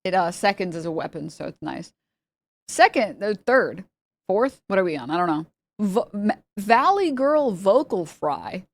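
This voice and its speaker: A woman's voice: fairly low pitch, animated, normal speed, gravelly, dry recording. A woman streamer talking casually and rambling, with lots of fillers and frequent laughs. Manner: chatty and rambling, filler-heavy, laughs often. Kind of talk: casual live-stream chat.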